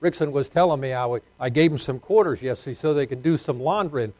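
A man's voice: medium pitch, fast talker, dry recording. Folksy preaching man, dry sound. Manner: folksy preaching, swings from loud to hushed. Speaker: pastor. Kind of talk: sermon.

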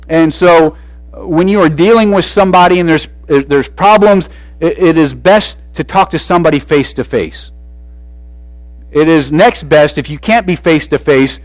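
A man preaching a sermon in an animated way, swinging between loud and soft with frequent restarts. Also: on the high side, no echo, poor audio.

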